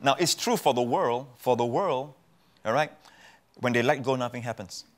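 A man's voice: mid-range voice, moderate pace. Man, pastor, guest in a TV studio, emphatic, repeats phrases for effect. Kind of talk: preaching in a talk show interview.

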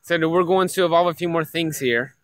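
Excitable young man streaming a mobile game. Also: fairly high pitch, fairly quick. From Tennessee. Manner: excitable, repeats himself, addresses chat as guys. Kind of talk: casual live-stream gaming chat.

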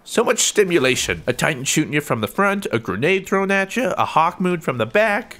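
A young man talks over his gameplay in a loose, jokey way, often breaking into yelps and laughs. His voice sits a little high for a man. It jumps around a lot, from mumbled asides to squeaky outbursts. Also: sing-song, brisk, few pauses, fairly bright tone. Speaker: gaming YouTuber. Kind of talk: gameplay commentary.

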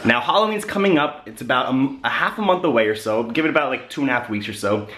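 A man's voice: mid-range voice, expressive, fast talker, fairly bright tone. A young man with the hiccups chatting casually to his vlog camera, rambling with lots of fillers. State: has the hiccups. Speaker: vlogger.

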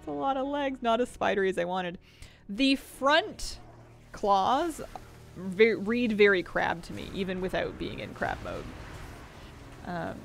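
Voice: medium pitch, creaky. A game streamer chatting casually on a live stream, giggling often and reading out chat messages.

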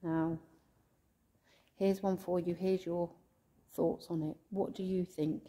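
A woman ghost hunting in a church, softly pleading and coaxing as she calls out to a spirit, at times emotional. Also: on the low side, flat delivery, slow, slightly rough. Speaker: ghost hunter vlogger. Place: inside a church.

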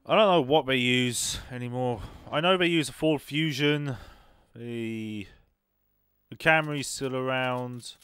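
A man casually commentating on a racing game he is playing, chatty and sarcastic, reacting out loud to the race. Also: mid-range voice, measured pace, smooth, dry recording. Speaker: gaming YouTuber.

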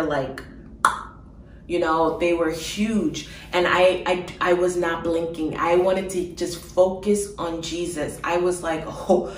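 A woman telling of her dream in an emotional personal testimony, halting with fillers and soft laughs. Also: lowish voice, echoey room, distant mic, a little hiss or hum, rough recording.

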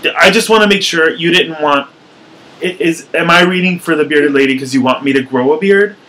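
A man's voice: fairly high pitch, brisk, sharp tone, rough recording. Stammering young man auditioning. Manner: hesitant, stammering, eager to please. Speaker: auditioning actor. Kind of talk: comedy sketch.

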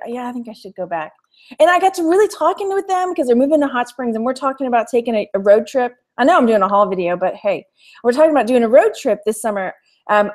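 A woman's voice: a little high, darkish tone. A chatty woman with a Texan accent hosting a live thrift haul stream, laughing often and reading viewer comments aloud. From Texas. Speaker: thrift haul livestream host. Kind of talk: casual live-stream chat.

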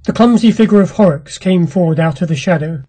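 A woman reading a classic short story aloud in a measured, dramatic narration. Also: fairly low pitch, dark tone, husky.

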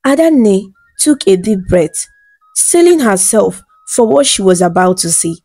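A woman's voice: mid-range voice, animated, measured pace, mellow, slightly rough, no echo. Woman narrating a bedtime folktale. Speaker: storyteller.

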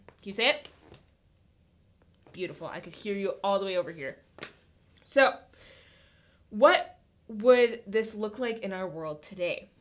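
A woman telling a Bible story to children in a chatty, animated way, speaking straight to a camera. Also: mid-range voice, measured pace, pauses often. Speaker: children's church teacher. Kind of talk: Bible story lesson for kids. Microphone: camera in front of her.

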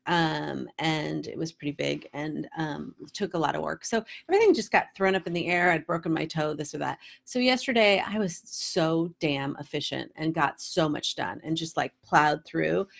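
A middle-aged woman hosting a vlog, chatty and animated, often laughing as she tells a story in a casual storytelling style. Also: low-pitched, creaky. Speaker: host.

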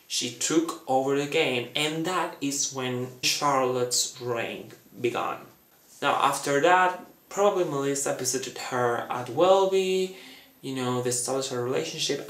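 A man talking through a fan theory in a chatty, dramatic way, acting out quotes in a high voice. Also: fairly bright tone, echoey room. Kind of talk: casual fan theory talk.

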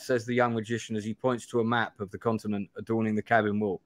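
A man's voice: fairly low pitch, flat delivery, quick pace, hardly any pauses, no room sound. A man hosting a live stream, reading a gamebook aloud and chatting in a rambling, self-deprecating way. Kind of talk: live-stream play-through narration and chat.

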